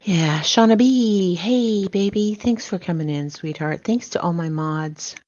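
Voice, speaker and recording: An older woman hosts a livestream, greeting viewers one at a time and calling them sweetheart and baby. Her voice is lowish and darkish, at a measured pace, and the recording sounds dull and lo-fi.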